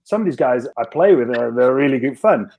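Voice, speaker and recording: A man's voice: mid-range voice, animated, a little fast, a little mellow. A man who played rugby, telling a long story in a casual podcast chat, rambling and self-mocking with lots of restarts. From Scotland. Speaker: podcast guest, former rugby winger.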